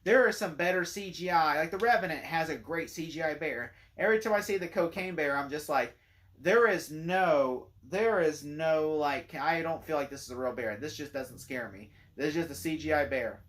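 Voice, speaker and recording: A man's voice: fairly high pitch, a little fast, hardly any pauses, fairly bright tone. A man giving a casual spoken movie review, rambling and opinionated and leaning hard on "like" as a filler. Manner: rambling and opinionated, heavy use of "like".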